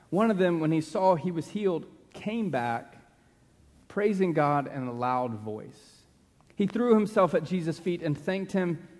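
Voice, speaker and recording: Earnest preacher man in echoing hall. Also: fairly high pitch. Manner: earnest, slows down and drops to a hush for emphasis. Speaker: pastor. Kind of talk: sermon. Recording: long reverb of a large hall.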